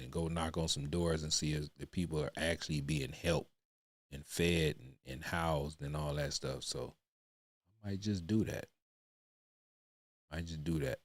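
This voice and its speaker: A man with a very low voice talks casually to his livestream chat, blunt and heavy on profanity, ending phrase after phrase with "man." The sound is dry and close, with no room around him. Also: dry recording. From United States. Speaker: livestream reaction host.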